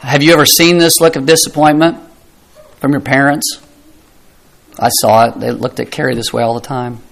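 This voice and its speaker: A man's voice: mid-range voice, steady tone, normal speed, vocal fry, poor audio. A middle-aged man preaching a sermon, earnest and emphatic, asking rhetorical questions and dropping his voice for effect. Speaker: pastor.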